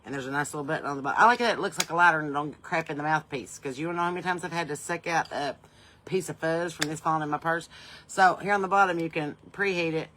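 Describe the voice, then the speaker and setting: A woman's voice: low-pitched, fast, fairly bright tone, a little hiss or hum, rough recording. A Southern woman hosting a casual livestream from her porch, chatting folksily and greeting viewers by name. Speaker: podcast host and country singer. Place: home porch.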